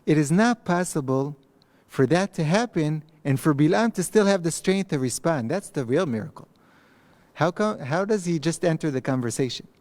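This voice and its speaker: A man's voice: a little high, animated, a little mellow. Conversational man teaching a text. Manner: thoughtful, conversational, with pauses and restarts. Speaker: rabbi teaching a text class. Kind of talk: recorded online lecture. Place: empty study hall. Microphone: microphone.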